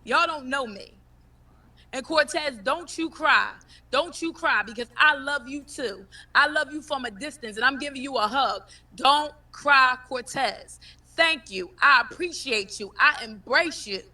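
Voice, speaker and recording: A grieving woman gives emotional livestream testimony with a high, bright voice. She talks in an impassioned, emphatic way and repeats her words for force. She sits away from the phone mic, so she sounds distant. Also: moderate pace. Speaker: grieving mother of the deceased.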